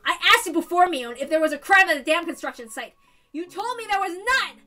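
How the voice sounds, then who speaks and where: A woman's voice: extremely high pitch, lively intonation, normal speed, sharp tone, faint music behind, heavily acted. A woman voicing an anguished, self-blaming teenage boy in a tearful, dramatic visual novel reading. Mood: agitated.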